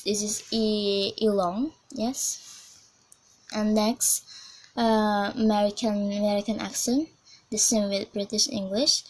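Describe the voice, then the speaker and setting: A young woman from Indonesia, a student presenter, leading a pronunciation drill in simple English and repeating each keyword twice with pauses. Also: medium pitch, steady tone, a little mellow, low-quality recording. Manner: simple non-native English with fillers.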